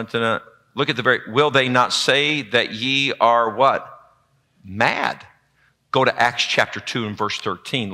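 A man preaching a sermon in a church, with a lively call-and-response delivery. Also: medium pitch. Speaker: pastor. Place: church sanctuary.

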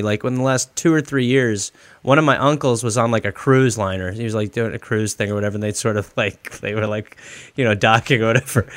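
A man's voice: medium pitch, no room sound. Jokey man on a podcast. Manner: jokey, animated, slips into mock accents. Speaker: podcast host. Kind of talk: casual podcast chat.

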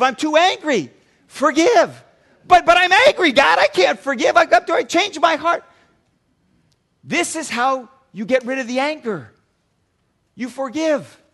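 Male pastor, high-pitched, dynamic sermon delivery with loud acted-out exchanges. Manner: dynamic preaching, acts out dialogues with rising volume.

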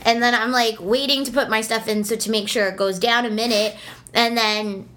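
A young woman spins an exasperated story in casual chat, animated and quick to swear. Her voice sits a little high and rings bright and forceful.

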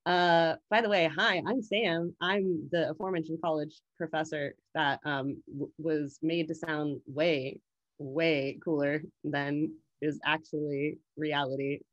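Brief: woman, lowish voice, self-deprecating podcast co-host, dry and slightly dull recording. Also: fairly even intonation, measured pace, no echo. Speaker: podcast co-host, college professor. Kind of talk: casual chat.

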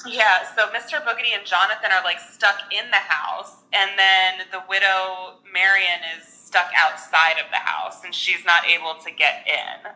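Bright, chatty woman discussing a movie. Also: mid-range voice, fairly even intonation, moderate pace, hardly any pauses, poor audio. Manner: chatty, lots of "like", laughs often. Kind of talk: casual movie discussion chat.

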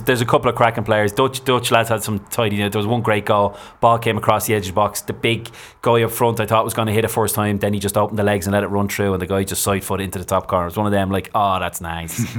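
A man co-hosting a local radio football show, chatting casually and telling match stories with enthusiasm. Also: fairly low pitch. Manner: chatty, enthusiastic, quick storytelling. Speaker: co-host, football pundit. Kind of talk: casual sports chat.

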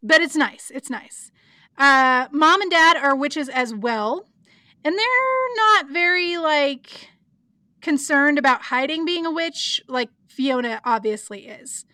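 A woman's voice: sits high, lively intonation, slow, sharp tone, no room sound. A woman co-hosting a podcast, chatting casually through an episode recap with plenty of likes, ums and giggles. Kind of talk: casual chat.

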